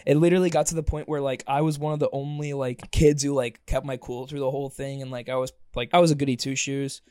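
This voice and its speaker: A young man tells stories in a casual podcast chat, swearing freely and acting out the people in them. His voice sits at a middle pitch, and the sound is dry and close, with no room around it. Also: fast talker, clean tone, no echo. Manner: animated storyteller, swears freely, acts out quotes. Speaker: podcast host.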